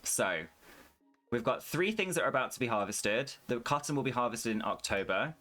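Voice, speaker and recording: A man's voice: mid-range voice, lively intonation, moderate pace, sharp tone. A young man streaming a farming game, chatting casually and swearing freely while he rants. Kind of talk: casual gameplay commentary.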